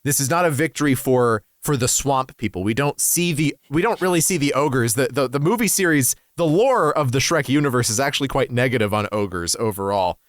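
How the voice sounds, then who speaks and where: Casting note: male co-host, analytical and wordy, animated intonation, dry close sound. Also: medium pitch, brisk, hardly any pauses, no echo. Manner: discursive, academic, self-correcting. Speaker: podcast co-host. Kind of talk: casual analytical podcast chat.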